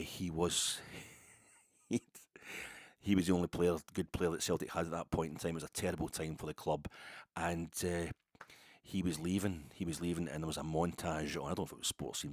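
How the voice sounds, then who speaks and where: A man's voice: extremely low pitch, no echo, studio quality. A man hosting a football podcast, telling a long digressive story in a casual, chatty way with many restarts. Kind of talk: casual rambling monologue.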